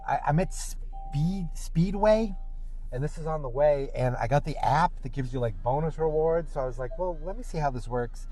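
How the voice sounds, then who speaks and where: A man talks loosely from behind the wheel of his car, recapping a show for his podcast. His voice sits a little higher than most men's. He rambles and breaks into raised voices when he quotes the characters. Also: normal speed, dark tone, poor audio. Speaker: podcast host. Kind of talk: casual recap talk while driving.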